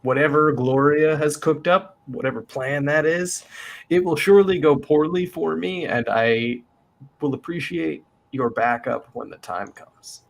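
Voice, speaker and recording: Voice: medium pitch, a little slow, gravelly. A player speaking in character in a tabletop game, boastful with wry mock worry.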